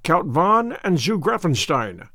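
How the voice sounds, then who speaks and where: A man voicing a calm, self-assured middle-aged detective who speaks with dry, courteous irony in an audiobook. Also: fairly high pitch, measured pace, no room sound, heavily acted. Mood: calm, ironic. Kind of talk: audiobook character voice.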